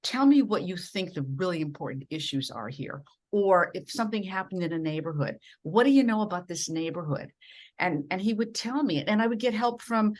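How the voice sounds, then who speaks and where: A middle-aged woman from Minnesota, a broadcast journalist telling animated stories as an interview guest. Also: on the low side. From rural Minnesota. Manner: animated storyteller acting out voices in quotes. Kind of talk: storytelling in a podcast interview.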